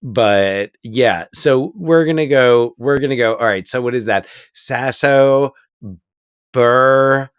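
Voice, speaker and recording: A man's voice: medium pitch, slow, smooth, no room sound, studio quality. A man co-hosting a casual movie podcast, who works as a teacher. He rambles, restarts his sentences and laughs often.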